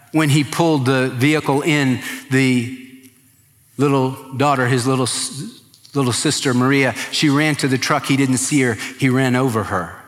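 A man preaching a sermon as pastor, impassioned, swinging from quiet pleading to raised emphasis. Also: mid-range voice, in a large hall.

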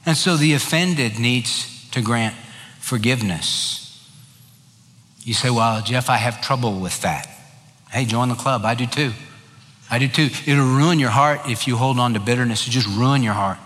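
Man preaching a sermon in a bright, echoing hall. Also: medium pitch, normal speed. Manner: emphatic preaching, swings from loud pleading to hushed. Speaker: pastor.

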